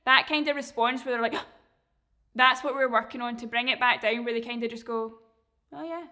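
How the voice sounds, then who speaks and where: A woman dog trainer explaining a training method in a relaxed, chatty way, sometimes acting out how a dog reacts. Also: a little high, normal speed. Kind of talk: casual instruction.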